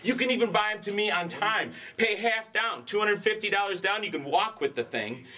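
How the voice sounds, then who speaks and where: Man, hard-sell store owner, ranting pitch that jumps between shouts and mutters, slightly higher voice. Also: fairly quick.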